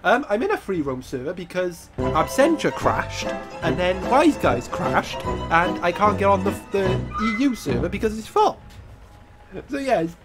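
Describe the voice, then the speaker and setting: A man's voice: sits high, very animated, a little slow, over loud music. A man with a congested, nasal voice from a cold, giving chatty gameplay commentary and exclaiming at mishaps. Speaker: gaming YouTuber.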